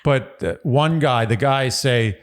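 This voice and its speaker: A man's voice: mid-range voice, slow pace, clear, resonant tone. A man with a New York accent co-hosting a podcast, rambling through stories in a casual, self-deprecating way. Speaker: podcast co-host. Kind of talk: casual chat.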